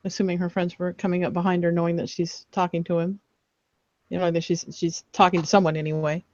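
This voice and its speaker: A woman's voice: lowish voice, level tone, fast, a little mellow, no room sound. Woman player in dull, dry audio. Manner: playful, describes her character's actions. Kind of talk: tabletop game play, casual.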